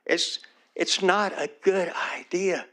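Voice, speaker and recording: A man's voice: sits high, fairly even intonation, slow pace, sharp tone. A man, a small-town mayor giving public comment at a city council meeting, earnest and pleading, his voice turning emotional as he repeats his requests.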